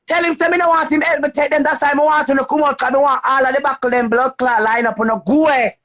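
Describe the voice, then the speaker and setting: A man with a Jamaican accent in a defiant, cursing vlog rant, often shouting. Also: very high voice, fairly even intonation, fast talker. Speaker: vlogger. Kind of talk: heated live rant.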